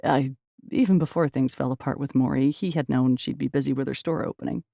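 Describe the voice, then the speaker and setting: A woman reading a romance novel aloud in an even, measured storytelling manner. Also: extremely low pitch, vocal fry, no room sound, clean studio sound. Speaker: audiobook narrator. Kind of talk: scripted narration.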